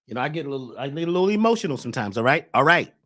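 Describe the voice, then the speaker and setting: A man hosting a spiritual talk show, preaching with fire, shouting at times and then dropping to a hush. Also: mid-range voice, big pitch swings, racing. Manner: preachy, swings from shouting to hushed. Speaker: host.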